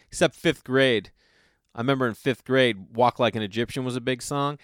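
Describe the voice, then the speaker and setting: A man's voice: medium pitch, a little fast, fairly bright tone, no echo, clean studio sound. A man in his thirties, a comedian hosting his own podcast, telling loose, profane stories and acting out the people he quotes. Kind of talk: casual storytelling monologue.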